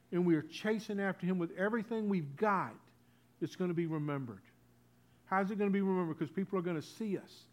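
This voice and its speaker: A man preaching a communion sermon in a church. He talks in a folksy way, leads the congregation in call-and-response, and swings between loud and hushed. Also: a little high. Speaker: pastor.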